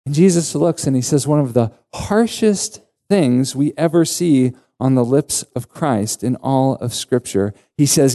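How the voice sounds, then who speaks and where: Pastor guy giving a sermon, earnest and emphatic, slow warm voice. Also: medium pitch.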